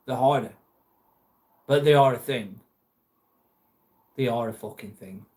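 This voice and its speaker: A man's voice: medium pitch, a little slow, darkish tone. A man hosting a casual livestream, chatting bluntly with viewers and swearing freely. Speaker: livestream host reading viewer chat. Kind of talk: casual live chat.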